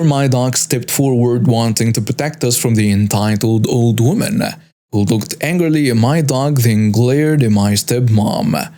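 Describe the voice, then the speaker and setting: A man's voice: mid-range voice, dark tone. A man reading out a first-person story as the narrator of a storytelling channel.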